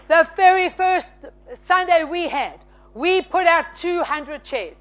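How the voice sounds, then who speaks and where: A woman preaching a sermon, from South Africa, telling stories in an animated, emphatic way. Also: very high-pitched, a little slow. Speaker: pastor's wife and church leader.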